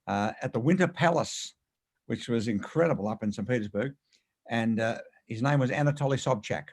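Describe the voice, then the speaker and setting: A man, an author and speaker, telling animated anecdotes in an interview with quick, emphatic delivery. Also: mid-range voice. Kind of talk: storytelling interview.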